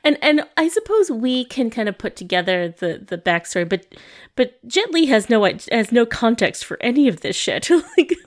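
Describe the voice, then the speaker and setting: A woman's voice: fairly high pitch, very animated, normal speed. A woman co-hosting a podcast in casual chat, talking hesitantly with many fillers and restarts. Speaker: podcast co-host. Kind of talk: casual chat reviewing a film.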